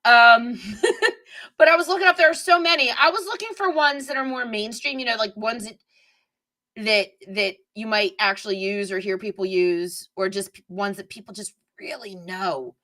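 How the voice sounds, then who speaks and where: A woman's voice: a little high, normal speed, pushed and bright. A middle-aged woman hosting a live stream, chatting casually and digressively while reading viewer comments.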